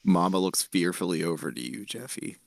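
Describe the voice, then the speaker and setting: Lively man narrating as game master. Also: deep voice, fairly quick, creaky, no echo, clean studio sound. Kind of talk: narrating a tabletop role-play game.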